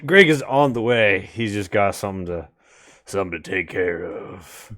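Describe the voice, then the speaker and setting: A man's voice: lowish voice, animated, moderate pace, a bit bright. A man running an online tabletop game as game master, hesitant with fillers when talking to the group.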